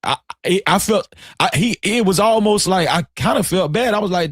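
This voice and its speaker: A man hosting a live stream, telling a story in a casual, animated and profane way. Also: high-pitched, a little fast, no echo, clean studio sound. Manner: animated, profane, dramatic retelling.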